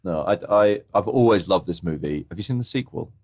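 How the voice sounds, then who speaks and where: Brief: lower-pitched male co-host, relaxed film chat, retells scenes with playful quotes. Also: a little fast. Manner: recounts scenes with exaggerated character impressions. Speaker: podcast co-host. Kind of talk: casual film review chat.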